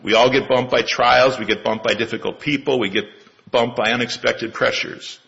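Gravelly-voiced man in his sixties preaching. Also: mid-range voice, steady tone, fairly bright tone, muffled recording. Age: 60s. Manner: measured, with rhetorical questions. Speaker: lay preacher. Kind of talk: sermon.

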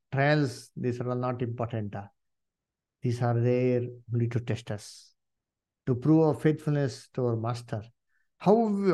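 A man preaching a sermon, swinging from hushed pleading to loud emphatic exhortation and asking the congregation questions. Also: mid-range voice. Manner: asks the congregation questions and calls on members to read.

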